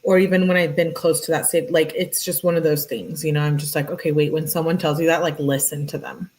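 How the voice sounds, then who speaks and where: A woman's voice: low voice, fairly even intonation, fairly quick, a little mellow, low-quality recording. A woman giving casual, earnest true crime commentary, talking in a chatty way with lots of "like". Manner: chatty, heavy use of "like"; earnest, emphatic. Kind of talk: casual commentary while reading texts.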